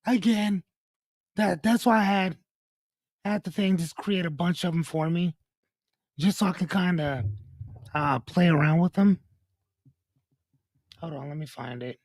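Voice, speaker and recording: A young livestream host with a high yet darkish voice speaks unhurriedly, pausing often, in a clean studio recording without echo. Loose and joking, he reads out chat names and comments, curses offhandedly and stops himself with "hold on."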